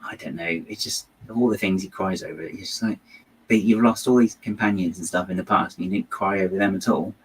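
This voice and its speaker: A man hosts a casual build-and-chat, talking his opinions through in a wry, meandering way full of restarts. His voice sits slightly low. A faint background hum runs under him. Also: fairly even intonation, a little fast, rough recording. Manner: rambling, hesitant, wry and opinionated. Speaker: host of a building channel.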